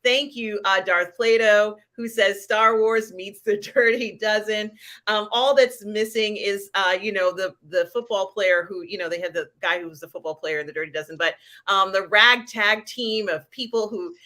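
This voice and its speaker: Giggly, rambling woman host on a casual livestream, bright voice. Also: mid-range voice, normal speed, hardly any pauses. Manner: rambling, many fillers, giggly. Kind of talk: casual live-stream pop culture chat.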